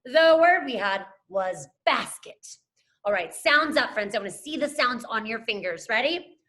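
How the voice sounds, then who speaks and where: A young woman teacher leads a reading lesson for children, upbeat and encouraging. Her voice sits a little high, sounds bright and clear, and swoops around with a lot of movement. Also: animated, normal speed. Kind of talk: scripted classroom lesson to camera.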